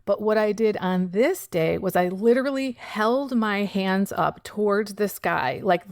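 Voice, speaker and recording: A woman's voice: on the low side, vocal fry, dry recording, studio quality. A woman hosting a podcast, telling a personal recovery story in a candid, frank way and swearing casually. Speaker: podcast host.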